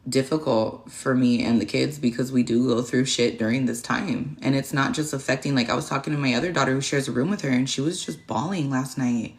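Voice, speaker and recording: A woman's voice: a bass voice, fairly even intonation, a little fast, hardly any pauses, slight background noise. A woman hosting a tarot livestream, chatting casually in a blunt, profane, rambling way and thanking viewers by name as she goes. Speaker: tarot reader and livestream host.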